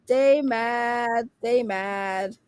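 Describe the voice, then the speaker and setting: A woman's voice: on the high side, drawn-out words, darkish tone, clear, resonant tone, dry recording. A woman streamer calling out her critics in a blunt, profane, mocking rant, laughing between jabs. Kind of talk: casual rant.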